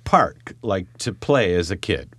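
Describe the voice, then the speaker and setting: A man hosting an audio interview, halting and repeating his words, and laughing often. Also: low-pitched, lively intonation, fairly bright tone, dry recording, studio quality. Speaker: host.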